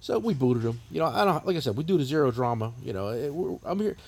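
Fifty-something jersey guy on a podcast, husky voice, swears a ton, rambles, pitch jumps around a lot. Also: sing-song, fast talker, darkish tone. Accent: New Jersey. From New Jersey. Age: 50s. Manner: profane, rambling storyteller. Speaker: podcast co-host. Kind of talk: casual chat.

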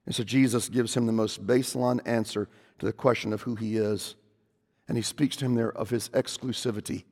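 A man preaches a sermon in a mid-range voice, building into loud, emphatic proclamation when he quotes scripture. He speaks in a church sanctuary, and a long reverb trails every phrase. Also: mid-range voice, fairly even intonation, brisk. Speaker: pastor.

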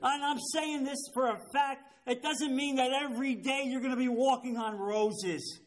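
Seventies male pastor, high-pitched, emphatic sermon delivery, keeps checking listeners follow. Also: steady tone, normal speed. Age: 70s. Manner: emphatic, keeps asking "you understand?". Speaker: pastor leading a Bible study. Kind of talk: sermon-style Bible teaching.

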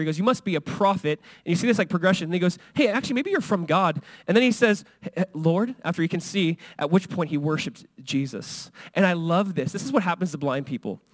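A man's voice: on the high side, no echo. A male pastor preaching a sermon in an earnest, conversational way, a father who acts out the voices he quotes. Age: young adult or middle-aged, father of a son.

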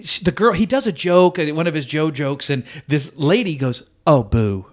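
Comedian guy on a podcast, kinda high voice, telling a story and doing all the crowd voices. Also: moderate pace, slight background noise. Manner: animated, acts out the crowd's voices. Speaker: comedian guest. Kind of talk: casual storytelling chat.

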